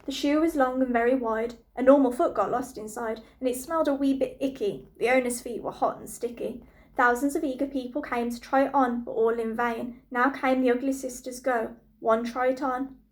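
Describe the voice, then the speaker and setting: A woman reading a rhyming storybook aloud to children with a lively, rhythmic delivery. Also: a little high, normal speed.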